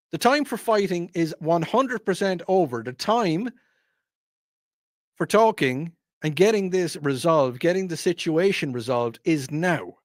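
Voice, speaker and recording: A man's voice: high-pitched, no echo, clean studio sound. Rambling male host. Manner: rambling, wry, side-tracking with asides. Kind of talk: opinionated radio-style monologue.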